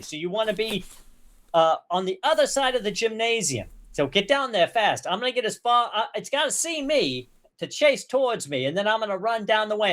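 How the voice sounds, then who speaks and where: Dude doing a flustered guy crushing on his old teacher, stammers a ton, kinda high. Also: a bit bright. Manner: stammering, rambling, restarts a lot. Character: awkward, smitten grown man at a school reunion.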